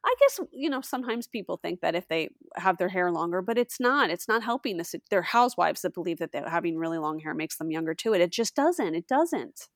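Gravelly, blunt middle-aged woman guest. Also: on the low side, expressive, brisk, hardly any pauses, no room sound, studio quality. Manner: blunt, opinionated and self-mocking. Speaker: podcast guest. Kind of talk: casual podcast chat.

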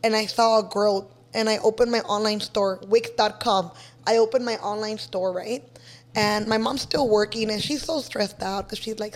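A woman's voice: mid-range voice, moderate pace. A young woman from Los Angeles, a guest artist in a casual interview, telling stories with lots of energy and cursing freely. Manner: energetic, swears freely, mixes in a second language.

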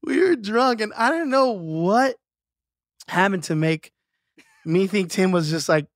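A man's voice: high voice, animated, unhurried, studio quality. A man telling stories as a podcast guest in loose, slangy casual chat, laughing often. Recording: roomy echo.

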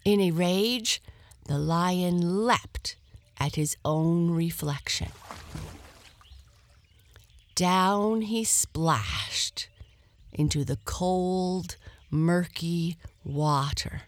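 A woman narrating a children's bedtime story in a gentle manner, sometimes dropping to a whisper. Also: on the low side, dry recording. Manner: gentle, very slow, at times whispered.

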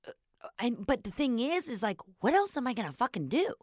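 A young woman hosting a podcast, telling stories in an animated way, acting out quotes and swearing casually. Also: fairly high pitch, a little fast, no room sound, studio quality. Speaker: podcast host. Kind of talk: casual chat.

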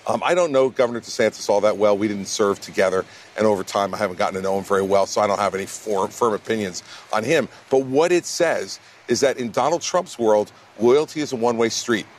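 A man, a presidential candidate answering questions in a blunt, emphatic way in a TV news interview. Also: fairly low pitch. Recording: faint background noise.

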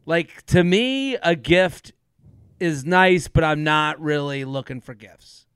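A man co-hosting a podcast in casual chat, animated, laughing often and acting out quotes. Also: a little high, takes it slowly, clean tone, dry recording, clean studio sound. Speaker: podcast co-host.

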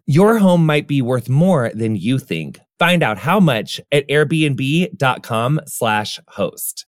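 A man's voice: medium pitch, big pitch swings, slow, dry recording. Chatty man reading a podcast ad. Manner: gushing, chatty, calls listeners darling and honey. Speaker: podcast host reading ads. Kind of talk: casual ad read.

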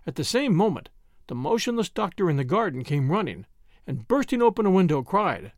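A man narrating a story as an audiobook in a measured manner. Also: high voice, very animated, no echo, studio quality. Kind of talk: audiobook reading.

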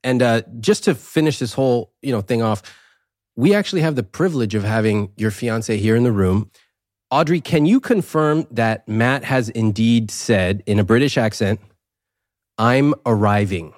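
A man hosting a podcast interview, asking questions in a casual, animated way and laughing often. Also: medium pitch, normal speed, no room sound, clean studio sound.

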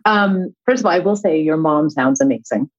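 A woman, an actress and author, talking as a guest in earnest storytelling with quick laughs. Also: low-pitched, animated, highs cut off. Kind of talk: casual conversation.

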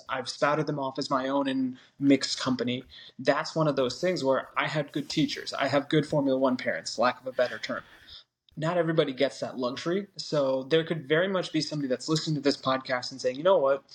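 A man co-hosts a casual podcast, talking things through in long, reflective sentences. His voice sits in a middle pitch and his delivery is earnest rather than showy. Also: fairly even intonation, fairly quick. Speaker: podcast co-host.

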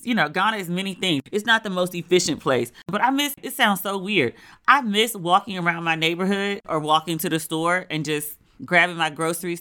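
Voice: mid-range voice, bright, forceful tone. An American talking casually and candidly about their travels in a solo recording, swearing freely and acting out what others said. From United States.

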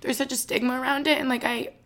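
A woman's voice: high voice, fairly even intonation, fast, a bit bright. A young woman in her twenties hosting a solo podcast in a casual, chatty way, full of fillers and on the verge of tears. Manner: emotional, teary, chatty with many fillers. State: tearful. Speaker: podcast host.

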